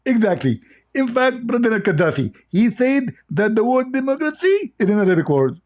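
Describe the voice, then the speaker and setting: A man's voice: very high-pitched, big pitch swings, moderate pace, darkish tone, voice pushed up. A man putting on a mocking impression of a male Muslim preacher, earnest and insistent.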